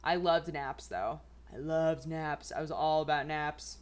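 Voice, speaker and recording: Chatty young woman, lowish voice. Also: unhurried. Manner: chatty, rambling, many "like" fillers. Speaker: vlogger. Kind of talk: casual chat.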